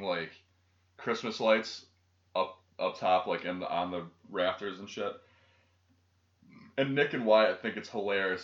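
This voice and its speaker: A man's voice: sits low, a bit bright. A young man co-hosting a casual podcast, telling rambling, profane stories. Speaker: podcast co-host. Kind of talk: casual chat. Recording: lo-fi echoey room.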